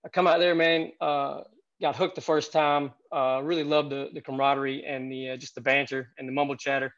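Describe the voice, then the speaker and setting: A man's voice: medium pitch, little pitch movement, brisk, fairly bright tone, dull audio. A man in his thirties telling stories as a podcast guest, chatty and rambling with lots of fillers. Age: 30s. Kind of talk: casual podcast storytelling.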